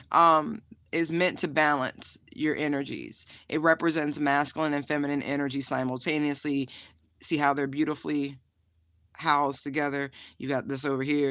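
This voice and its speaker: A tarot reader talks straight to the camera in a chatty, loose way, full of ums and likes. The voice is bright and forceful, and the sound is dry and close with no room echo. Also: mid-range voice. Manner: chatty and direct, many fillers, addresses viewers as honey; holding and showing a stone on camera. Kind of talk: casual spiritual card reading to viewers.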